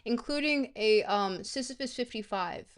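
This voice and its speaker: A young woman streaming a geography guessing game, rambling and playful, breaking into sudden excited squeals. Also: on the high side, normal speed, clean tone. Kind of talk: live-stream game commentary.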